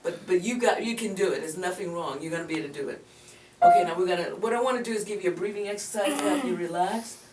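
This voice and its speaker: A fast-talking woman with a fairly low voice coaches a singer, barely pausing. Warm and chatty, she encourages her student and calls her "girl." The room is echoey, the mic distant, and there's noise in the background.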